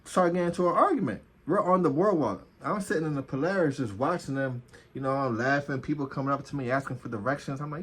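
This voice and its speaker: A man's voice: fairly high pitch, fast talker, a bit bright, husky. Laid-back man telling a profane story. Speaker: vlogger, former officer. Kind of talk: casual storytelling.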